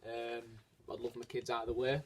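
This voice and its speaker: A man's voice: medium pitch, little pitch movement, a little fast. A man talking casually and earnestly in a vlog, hesitant and rambling, with frequent restarts. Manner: earnest, encouraging. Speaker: vlogger. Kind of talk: casual personal vlog talk.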